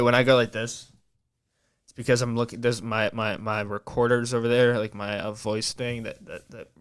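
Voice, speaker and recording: A man's voice: medium pitch, a bit bright, smooth. A man hosting a podcast, talking in a casual, rambling way with a heavy stutter and frequent restarts. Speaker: podcast host.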